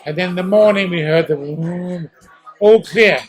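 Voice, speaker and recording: Speaking at normal speed in a voice that sits high, a man in his eighties, an East End Londoner with a posh English accent, tells stories theatrically as a guest actor in a restaurant interview, acting out sounds. The recording is low quality.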